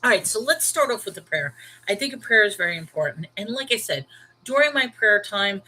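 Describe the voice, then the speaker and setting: A chatty woman in her thirties with a Brooklyn New York accent hosts a casual livestream about the Bible. She talks candidly and with emphasis, addressing her viewers by name in a mid-pitched voice. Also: animated, fairly quick, sharp tone, rough recording. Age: 30s. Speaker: livestream host.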